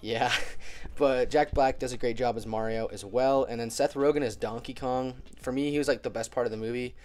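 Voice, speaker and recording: A man's voice: mid-range voice, steady tone, brisk, darkish tone. A young man with a cold talking casually in a movie review vlog, chatty, filling his talk with "like" and laughing easily. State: getting over a cold.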